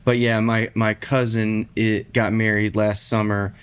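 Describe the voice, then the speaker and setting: Brief: male podcast co-host, somewhat low voice, loose, anecdotal delivery. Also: level tone, measured pace, clean tone. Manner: rambling, storytelling, lots of fillers. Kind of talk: casual chat.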